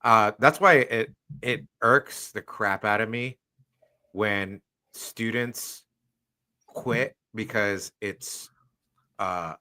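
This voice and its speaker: Low, bright-toned man hosting a podcast. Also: very slow. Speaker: podcast host, martial arts instructor. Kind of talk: casual chat.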